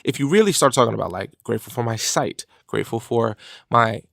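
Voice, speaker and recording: A man hosting a motivational podcast, talking in an energetic, casual way with slang. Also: medium pitch, fairly quick, gravelly, no echo, clean studio sound. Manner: energetic, animated, conversational with slang. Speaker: podcast host.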